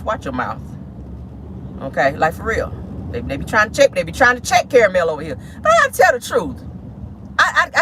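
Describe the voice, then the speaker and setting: A bright, forceful woman vlogger rants bluntly from her car, her voice swooping up and down as she talks. She is outspoken and profane, jumping into high mocking squeals to imitate others. A faint hum of the vehicle sits under her voice. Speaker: celebrity gossip vlogger. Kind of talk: blunt, profane ranting commentary. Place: inside a car.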